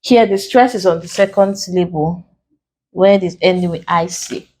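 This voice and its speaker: A woman from Nigeria with a Nigerian English accent, teaching an online exam lesson and working through each answer step by step in a deliberate way. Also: on the low side, darkish tone, a little hiss or hum.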